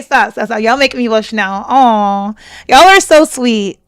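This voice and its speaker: A woman's voice: a little high, moderate pace, clean tone, no echo, clean studio sound. Gushing young woman live streaming to chat. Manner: effusive, gushing, laughs often.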